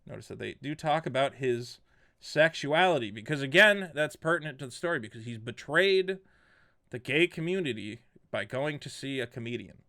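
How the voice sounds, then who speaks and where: A man's voice: on the high side, sing-song, moderate pace, fairly bright tone. A man hosting a casual online commentary, sarcastic and mocking, often rambling and restarting his sentences. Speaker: commentary host.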